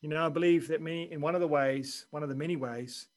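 A man preaching a sermon in an earnest, measured way, dropping quiet and then rising for emphasis. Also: fairly high pitch, steady tone, poor audio. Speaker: pastor.

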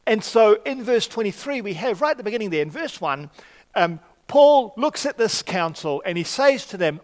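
Higher-voiced male preacher in a reverberant hall. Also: very animated, moderate pace. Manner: conversational, with frequent fillers and restarts. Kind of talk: sermon. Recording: long reverb of a large hall.

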